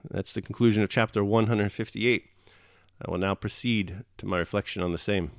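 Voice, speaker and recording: A man reads a classic novel aloud in a steady, measured way. His voice is low and sits close and dry on the mic. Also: no echo. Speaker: audiobook reader and host.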